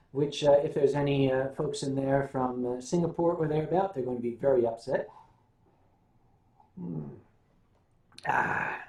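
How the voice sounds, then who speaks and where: An older American man chats on a casual livestream, spinning wry, wandering stories, humming between ideas and answering viewers' questions. His voice sits high with a darkish tone, and the sound echoes as in a roomy space.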